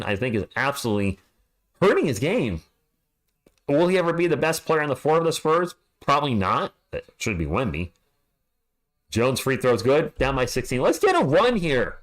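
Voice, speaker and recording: Speaking at a normal speed and medium pitch, a man does play-by-play of a live game for his stream as a fan. He's home alone, excitable, chatting with viewers and hollering at the team.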